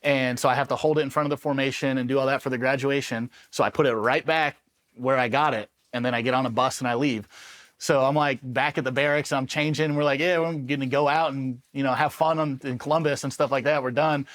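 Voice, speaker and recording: A man from Los Angeles, a former Army Ranger, telling war stories in a casual, animated interview and swearing freely as he acts out the people he quotes. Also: medium pitch, brisk. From Los Angeles, USA. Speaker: Army Ranger veteran guest.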